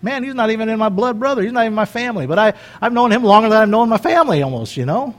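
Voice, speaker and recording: Folksy high-voiced preacher in his fifties. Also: lively intonation, racing. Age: 50s. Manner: chatty, joking, rambling asides. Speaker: pastor. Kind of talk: folksy conversational sermon.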